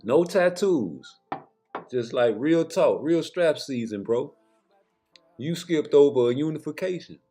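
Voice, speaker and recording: A man's voice: on the high side, lively intonation, measured pace, warm tone, faint music behind. A man giving a blunt, slangy boxing commentary rant straight to his viewers, with profanity.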